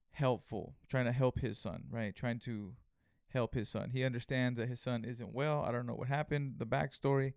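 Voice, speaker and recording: A man's voice: medium pitch, gravelly, a little mellow, no room sound, studio quality. A man hosting a solo podcast, telling a story in a rambling, casual way full of fillers. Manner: rambling, filler-heavy, conversational. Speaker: podcast host.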